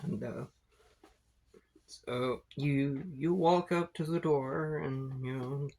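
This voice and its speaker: A man's voice: mid-range voice, fairly even intonation, takes it slowly, vocal fry, darkish tone. A man narrating a tabletop game as game master, in a laid-back, rambling way with fillers and swearing.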